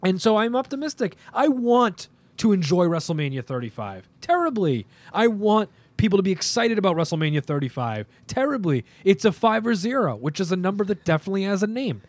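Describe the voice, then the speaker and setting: Young man, podcast host, casual chat, animated, rambling, slightly higher voice, dry sound. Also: brisk, few pauses, no echo. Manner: animated, opinionated, rambling with fillers.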